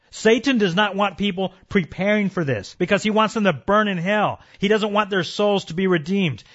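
A man's voice: high-pitched, a bit bright, highs cut off. A man preaching an emphatic sermon, calling his listeners folks and warning them of judgment.

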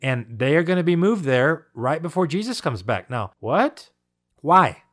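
A man's voice: a little high, sing-song, unhurried, fairly bright tone. A man teaching on Bible prophecy, reading scripture and asking his listeners rhetorical questions in an emphatic style. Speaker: preacher.

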